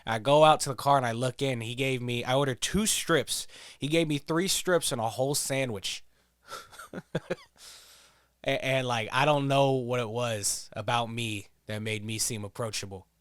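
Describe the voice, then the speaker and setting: A man's voice: medium pitch, normal speed, clear, resonant tone, no echo, studio quality. A man giving casual, profane, joking commentary while playing a quiz video game, rambling into stories. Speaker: gameplay streamer.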